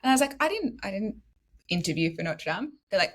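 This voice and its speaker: A woman's voice: mid-range voice, fast talker. An Australian woman in her thirties, a former nurse now studying medicine, telling her story in a casual podcast chat with frequent laughs and acted-out quotes. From Western Australia. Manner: animated, laughs often, acts out quotes.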